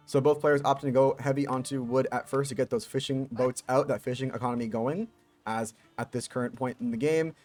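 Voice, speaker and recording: A man giving casual, chatty commentary on a strategy video game as its caster, with joking asides and lively emphasis. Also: mid-range voice, fairly quick, faint music behind.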